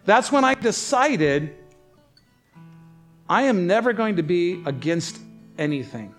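A man preaching a sermon, telling family stories in an animated way and pitching his voice up high when he quotes other people. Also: takes it slowly, soft background music. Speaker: pastor.

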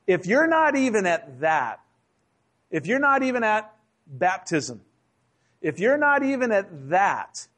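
High-voiced man preaching a sermon. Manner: humorous, conversational preaching with acted asides. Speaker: pastor. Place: church sanctuary.

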